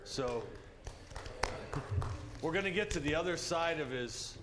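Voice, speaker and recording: A man in a church classroom giving relaxed announcements to a class, with many fillers. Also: a little high, measured pace, background noise. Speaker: class organizer.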